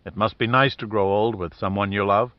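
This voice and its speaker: A man reading the lines of a brisk, affectionate woman, near his own voice, on a dull dry recording. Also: lowish voice, fairly even intonation, no room sound, lightly acted. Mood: wistful.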